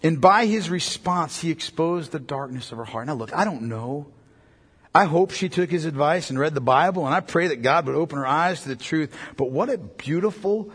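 A man delivers a sermon from the pulpit in a rather high voice. He moves between loud, emphatic peaks and quiet, low stretches. A long reverb trails each phrase, as in a large hall. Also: breathy edge. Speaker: pastor.

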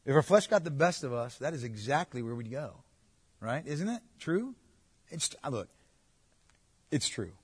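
Husky preacher with hall echo. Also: male voice, medium pitch, very animated, moderate pace, long pauses. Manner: emphatic, swings between loud urging and hushed quiet asides. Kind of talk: sermon. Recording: long hall reverb.

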